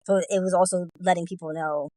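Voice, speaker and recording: A woman guest on a talk podcast who speaks in an even, monotone way. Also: lowish voice, fairly quick, no room sound, low-quality recording. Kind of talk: casual discussion.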